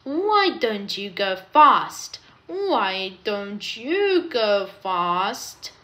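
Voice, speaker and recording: A woman's voice: mid-range voice, big pitch swings, very slow, fairly bright tone, full character voice. A woman voicing two anxious female train coaches who chant their words in a sing-song way.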